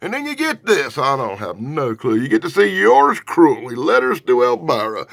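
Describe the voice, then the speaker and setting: A man giving a casual, sarcastic comic book review, dropping from loud outbursts to low mutters. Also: moderate pace, creaky, hardly any pauses, no echo, studio quality. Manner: animated, sarcastic, swings from loud to mumbling.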